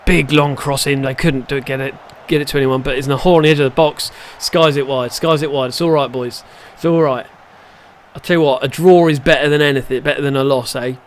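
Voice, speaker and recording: A man giving live, excitable gameplay commentary, shouting at the match and muttering in between. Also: mid-range voice, brisk, slight background noise. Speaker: gaming channel host.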